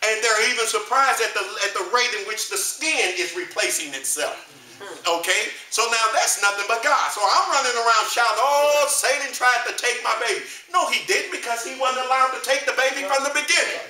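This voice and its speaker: A man's voice: very high voice, fairly quick, pushed and bright. A man teaching a Sunday school lesson in a preaching style, posing questions and leaving blanks for the class to call out. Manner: call-and-response, leaves blanks for the class to fill. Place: church hall. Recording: roomy echo, mic from a distance.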